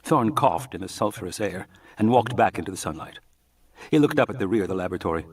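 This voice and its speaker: A man's voice: fairly low pitch, expressive, fast, slightly rough, far from the mic. A man narrating a novel as an audiobook reader, telling the story expressively. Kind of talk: scripted narration.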